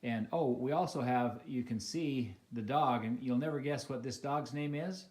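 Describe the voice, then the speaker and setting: An American man steers a casual home-video interview from a living room. He talks in a halting way, with frequent fillers and false starts, at a middle pitch that is neither high nor low. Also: a little mellow. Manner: halting, many fillers and restarts.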